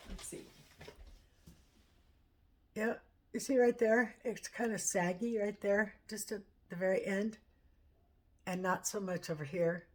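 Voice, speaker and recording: A middle-aged woman chatting casually at home in a vlog, rambling and halting as she talks. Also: medium pitch, fairly even intonation. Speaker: vlogger. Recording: echoey room, far from mic.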